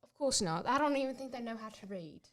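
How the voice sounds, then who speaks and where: A woman's voice: a little high, lively intonation, fast, a bit bright. A woman playing a prim, mock-indignant British woman with a put-on British English accent in a comedy sketch.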